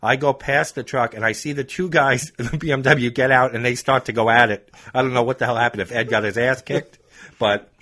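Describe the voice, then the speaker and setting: A man's voice: medium pitch, a little fast. A man from Long Island, New York, hosting a podcast, telling a road rage story in casual chat. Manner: animated, laughs often, acts out phone dialogue. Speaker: podcast host.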